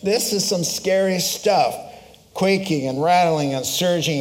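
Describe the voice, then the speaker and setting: A middle-aged pastor delivers a sermon with a fairly high-pitched voice. He tells a story with lively animation, acting out voices, then settles into solemn preaching. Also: unhurried.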